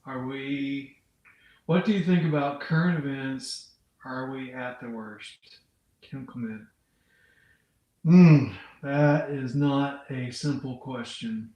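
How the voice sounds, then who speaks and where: A man's voice: mid-range voice, slow pace, warm tone, roomy sound, highs cut off. A man hosting an unscripted livestream, chatting casually and reading out viewers' comments as he rambles. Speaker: livestream host. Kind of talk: unscripted live chat with viewers.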